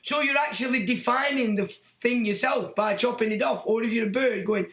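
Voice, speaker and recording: A middle-aged man holds forth on a casual livestream, reading viewers' comments and mocking them in a blunt, crude way. His voice sits fairly high for a man. The sound is roomy and echoey. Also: moderate pace, fairly bright tone. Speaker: livestream host. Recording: echoey room.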